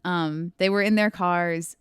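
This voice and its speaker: A woman's voice: on the low side, steady tone, a little slow, clear, resonant tone, no room sound, clean studio sound. A woman reading her own crime story aloud on a podcast, breaking off into casual asides and laughing often.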